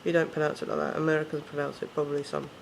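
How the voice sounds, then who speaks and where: A man's voice: fairly high pitch, completely flat delivery, racing, vocal fry, background noise. A man with an English accent, ranting casually to camera, swearing often and correcting himself as he rambles. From England. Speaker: vlogger.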